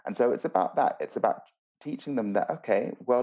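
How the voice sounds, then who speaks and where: A man, a guest on a podcast, explaining mindfulness in an earnest, thoughtful way with pauses and restarts. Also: medium pitch, animated, dark tone, highs cut off.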